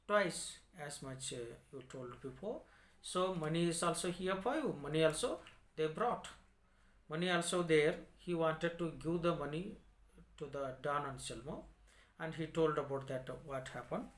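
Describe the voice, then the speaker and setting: A man's voice: fairly high pitch, fairly bright tone. A man with an Indian English accent, a teacher who reads lines from a story and then repeats and explains them in simple words. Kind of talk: explaining a story text line by line. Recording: echoey room.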